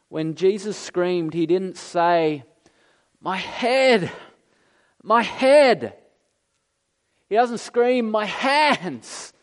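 A man preaching a sermon, slow and emphatic, rising in pitch and volume for dramatic lines. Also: darkish tone. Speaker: pastor.

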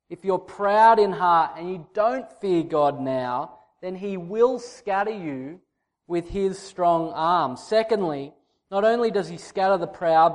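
A male pastor preaching a sermon in a conversational way, now and then teasing his congregation. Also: sits high.

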